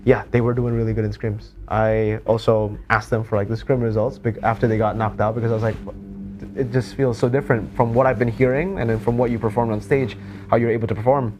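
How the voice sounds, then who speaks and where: A man speaking as an esports analyst on a panel, casual and slangy with quick asides. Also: mid-range voice, little pitch movement, background noise. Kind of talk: panel discussion.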